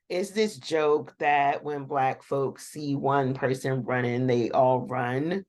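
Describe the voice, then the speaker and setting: A woman with a low, unhurried voice rambles through a TV episode recap from her seat at home. She talks straight to her viewers and laughs often along the way. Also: steady tone, a little mellow. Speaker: show reaction host.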